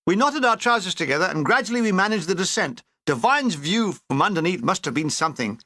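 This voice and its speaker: A man's voice: high voice, lively intonation, fast talker, few pauses, bright, forceful tone, dry recording. A man reading a comic war memoir aloud with dry, wry storytelling. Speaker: audiobook reader.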